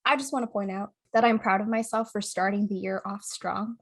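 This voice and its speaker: A woman's voice: medium pitch, steady tone, brisk, breathy edge. A young woman co-hosting a podcast, telling a story in casual chat, swearing often, laughing mid-sentence and acting out what people said. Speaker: podcast co-host.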